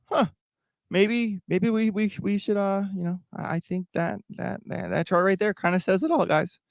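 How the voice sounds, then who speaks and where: Speaking at a moderate pace, this man has a high, creaky voice and a fairly even intonation. He's a crypto YouTube host running a livestream, talking to viewers in a rambling, casual way full of restarts and repetition. The recording is clean studio audio with no echo.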